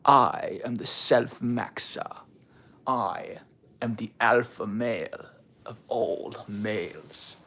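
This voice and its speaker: A man voicing a vain, boastful long-haired male influencer who drags out his words in a slow, pompous way. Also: on the low side, vocal fry, a bit bright, slightly rough, exaggerated voice. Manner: slow, pompous, drawn-out delivery.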